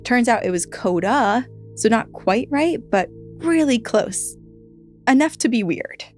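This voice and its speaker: A woman's voice: a little high, lively intonation, measured pace, a little mellow. Woman reading posts over faint music. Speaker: podcast co-host reading a story aloud. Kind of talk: casual reading of online posts.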